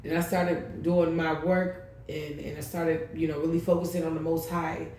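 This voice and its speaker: A woman's voice: low-pitched, little pitch movement, normal speed, darkish tone, slight background noise. Blunt woman in an echoey room. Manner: blunt, profane, rambling. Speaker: tarot reader, channel host. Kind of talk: casual storytelling vlog.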